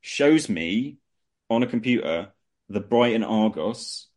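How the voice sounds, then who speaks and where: Lowish-voiced man telling stories. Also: takes it slowly. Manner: animated anecdotes, laughing through the story. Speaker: guest, music promoter. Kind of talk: casual storytelling chat.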